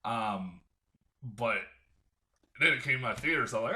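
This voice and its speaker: A man's voice: fairly low pitch, expressive, a little fast, sharp tone, a little hiss or hum. A man giving a rambling, profane, casual film review, full of fillers and chuckles. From United States.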